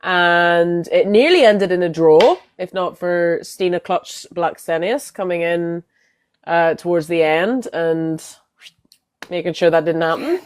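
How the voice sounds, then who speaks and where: A woman's voice: lowish voice, measured pace, clean tone. Chatty woman football podcast co-host. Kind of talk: casual chat.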